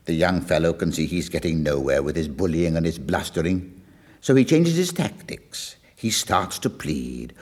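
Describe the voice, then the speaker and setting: Lively man telling a song's story. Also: low-pitched, moderate pace. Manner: storytelling, lively, acts out quoted lines. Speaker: music lecturer. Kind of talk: explaining a song with acted quotes.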